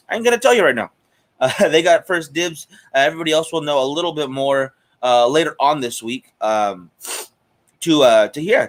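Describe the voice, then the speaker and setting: Male host for a live cigar chat show; relaxed, talkative, mid-range voice. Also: medium pitch. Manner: chatty, greets viewers by name, frequent fillers. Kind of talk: casual live-stream chat.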